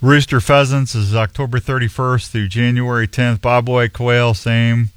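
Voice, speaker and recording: A man's voice: medium pitch, flat delivery, unhurried, clear, resonant tone, no echo. A man in his sixties hosting a radio show, telling rambling folksy stories and reading out announcements. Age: 60s. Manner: rambling storyteller, folksy, many restarts. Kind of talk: casual radio chat with announcements.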